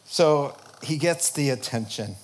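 Animated man telling his testimony. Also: fairly high pitch, measured pace, background noise. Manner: animated, laughing often, acts out dialogue. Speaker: preacher. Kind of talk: sermon testimony storytelling.

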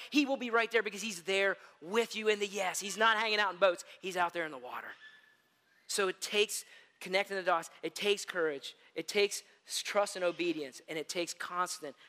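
Male pastor, high bright voice, animated sermon storyteller, long hall reverb. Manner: animated storyteller, addresses listeners as gang.

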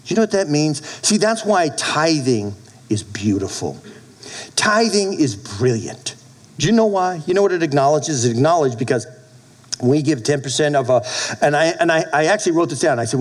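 Pastor in his fifties preaching, voice on the higher side, swings up and down a lot, keeps restarting lines. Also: normal speed. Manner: animated, with frequent restarts and sudden soft drops. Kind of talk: sermon.

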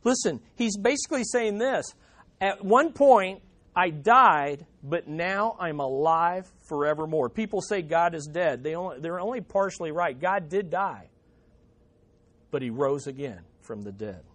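A man's voice: on the high side, animated, unhurried, a bit bright. A man preaching a sermon, stressing points by repeating them. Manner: emphatic, repeating key phrases. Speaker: pastor.

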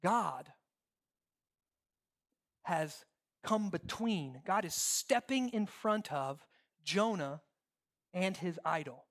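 A pastor in full sermon mode at a middling pitch. The delivery is emphatic and repetitive, stacking phrases into long lists, asking rhetorical questions, and tagging lines with "okay?" and "right?". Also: animated, drawn-out words, pauses often, fairly bright tone. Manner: checks in with listeners often ("okay?", "right?").

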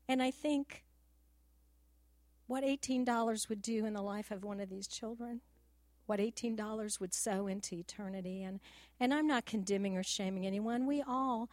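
A woman's voice: on the high side, no echo. A middle-aged woman giving an earnest, personal testimony at church, telling homely stories in a practical way and sometimes close to tears. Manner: earnest, personal and practical, with a gentle down-home storytelling way. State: tearful at times. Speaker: church speaker.

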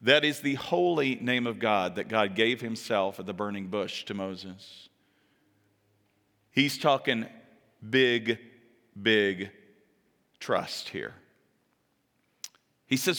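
A man preaching a sermon, telling a story with animated delivery and sudden jumps in pitch when he acts out quoted lines. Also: slow pace, pauses often, in a large hall.

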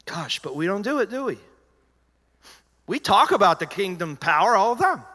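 A man preaching a sermon as pastor, in an animated, conversational style. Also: sits high, normal speed. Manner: animated, conversational preaching with acted-out quotes and dropping to a hushed voice. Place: large church auditorium. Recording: reverberant church hall.

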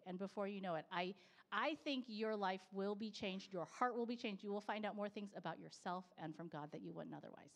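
A woman's voice: medium pitch, fairly quick. Woman sharing a chatty church testimony. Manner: conversational, often adds "right?". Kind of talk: personal testimony to a congregation.

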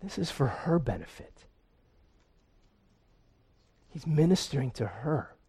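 A man's voice: on the high side, big pitch swings, slow, mellow, breathy edge. A man preaching a sermon in an earnest way, often repeating a word as he restarts. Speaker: pastor.

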